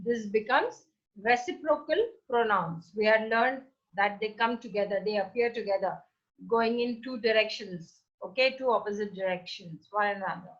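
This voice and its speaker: A woman's voice: mid-range voice, normal speed, a bit bright, dull audio. A woman teaching an online English class to children, patiently asking questions and then answering them herself. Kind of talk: recorded online class lesson.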